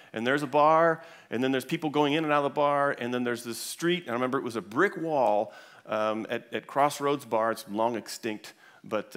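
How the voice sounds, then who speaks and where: Speaking in a mid-range, slightly bright voice, a man shares an anecdote with an audience at a church gathering, with frequent fillers and restarts.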